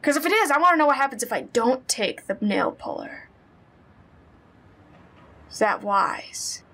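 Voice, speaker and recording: A woman gamer with a fairly high voice, reading a horror game's story aloud. She breaks in with quick, jumpy reactions and chatty asides between the lines she reads. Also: sing-song, fairly bright tone. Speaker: let's play gamer. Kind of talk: let's play commentary, reading game text aloud.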